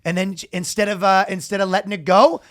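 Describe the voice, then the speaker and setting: A man, telling a funny story on a casual podcast and acting out shouted quotes. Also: high voice, fast talker, dry recording, studio quality. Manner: animated, acts out announcers with loud shouted quotes. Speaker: podcast co-host.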